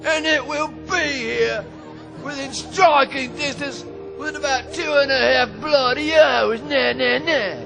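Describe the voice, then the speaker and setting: A man voicing a boastful middle-aged British naval admiral with a put-on British accent, taunting in slow, drawn-out phrases. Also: very high voice, gravelly, music in the background, voice pushed up, full character voice. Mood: gloating.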